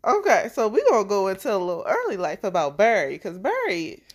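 Female podcast co-host, mid-range voice, relaxed casual storyteller. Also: mid-range voice, fairly quick. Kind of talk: casual true-crime podcast chat.

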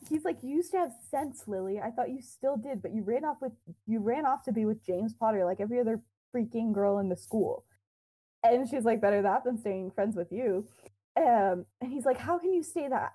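A woman's voice: on the high side, animated, moderate pace, mellow, breathy edge, rough recording. A young woman co-hosting a podcast, casually retelling a fan-fiction story with quoted dialogue, lots of fillers and giggles.

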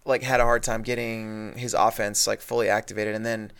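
Man, gravelly voice, casual sports podcast, rambling delivery. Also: fairly low pitch, level tone, fairly quick, fairly bright tone. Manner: rambling, many fillers and restarts. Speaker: podcast co-host.

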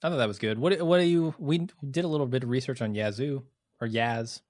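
A man's voice: mid-range voice, brisk, darkish tone, no room sound. A man from the Midwest talks through a TV episode with a co-host in an easygoing, profane way, often laughing. His voice sits in a middle register and the sound is dry and close, with no room around it. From American Midwest. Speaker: podcast co-host. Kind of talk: casual TV recap chat.

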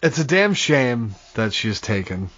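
A man's voice: medium pitch, big pitch swings, measured pace, fairly bright tone. Laid-back swearing man, lo-fi podcast. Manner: laid-back, swears casually, laughs often. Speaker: podcast co-host. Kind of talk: casual chat. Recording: dull lo-fi podcast audio.

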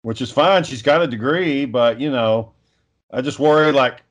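A man's voice: mid-range voice, moderate pace. A father in casual chat, rambling through stories about his kids and swearing freely.

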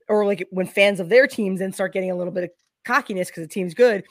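A young woman with a slightly low voice guests on a casual podcast. She gives opinions bluntly and swears without a second thought. The sound is dry and close. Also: fast, dry recording.

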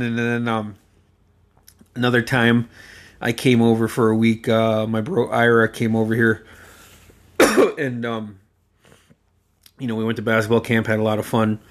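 A man's voice: medium pitch, fairly even intonation. A man in his forties telling casual, rambling stories about his uncle, swearing freely and breaking into laughter as he goes. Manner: rambling, profane, often laughing mid-sentence; halting, with many fillers and restarts. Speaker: storyteller remembering a late relative. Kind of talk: casual anecdotal storytelling.

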